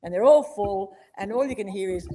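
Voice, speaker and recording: An Australian voice actress in a casual interview, telling stories with ready laughter and plenty of ums and restarts. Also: female voice, mid-range voice. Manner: warm storytelling, laughs easily, many ums and restarts. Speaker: voice actress guest.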